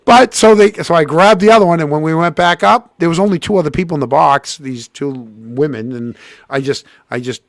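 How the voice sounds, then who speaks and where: Animated and theatrical, a male podcast host works through a long story, performing every quote with large pitch swings as he chats. His pace is fairly quick, and the recording is dry with studio quality.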